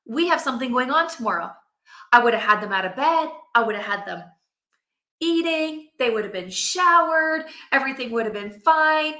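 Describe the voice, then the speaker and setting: A middle-aged woman telling a personal story to camera, animated and acting out her own quotes. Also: on the high side, moderate pace, roomy sound. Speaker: vlogger, mother.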